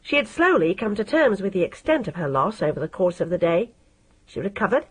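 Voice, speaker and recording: A woman narrating an audiobook in a steady, measured reading style. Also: mid-range voice, breathy edge, rough recording. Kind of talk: scripted narration.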